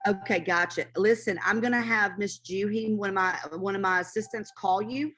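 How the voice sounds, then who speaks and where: A woman hosts a live webinar Q&A. She speaks at a middle pitch and talks to callers with easy familiarity, calling them hon and honey. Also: fairly even intonation, normal speed, fairly bright tone, faint music behind. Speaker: webinar host.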